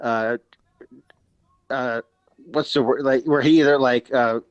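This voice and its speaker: A man's voice: mid-range voice, steady tone, takes it slowly, no echo, lo-fi sound. Rambling male podcast co-host. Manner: rambling, full of "like" and "uh", searches for words. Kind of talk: casual chat.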